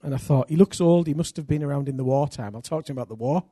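A middle-aged man from England, preaching a sermon full of personal stories, energetic and self-deprecating with bursts of loud emphasis. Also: on the high side, very fast, husky, no echo, studio quality.

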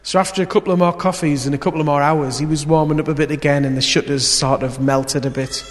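A man preaching a sermon, telling a story and swinging between loud emphasis and quiet, intimate moments. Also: a little high, fairly even intonation, quick pace. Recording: long hall reverb.

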